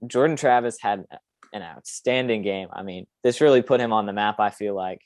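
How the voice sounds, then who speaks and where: Low-voiced young man, dry close sound. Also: normal speed, a little mellow, dry recording. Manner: opinionated, rambling with frequent fillers. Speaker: podcast host. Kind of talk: casual sports podcast chat.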